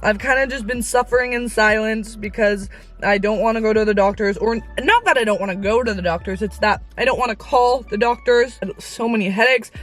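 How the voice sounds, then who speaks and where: A woman's voice: fairly high pitch, fairly quick, faint music behind. A young woman in her late teens vlogging from inside her car, rambling candidly as she vents to her viewers. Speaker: Christian influencer vlogger. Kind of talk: casual confessional vlog. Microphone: on-camera mic.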